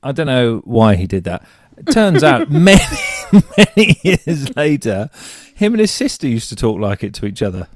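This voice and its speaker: A man's voice: mid-range voice, sing-song, moderate pace, few pauses. A man co-hosting a podcast in casual chat, jokey and teasing. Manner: jokey, teasing, laughs often. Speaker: podcast co-host.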